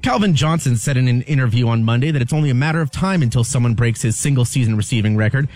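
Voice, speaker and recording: A man's voice: mid-range voice, lively intonation, a little mellow, soft background music. A man co-hosting a sports radio show, reading headlines and posing questions. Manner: brisk, newsy delivery. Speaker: radio co-host.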